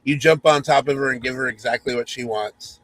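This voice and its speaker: A man's voice: mid-range voice, steady tone, brisk, fairly bright tone, dry recording, rough recording. A man hosting a podcast, reading a spoof romance story in second person with mock-sultry narration and teasing asides. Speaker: podcast host.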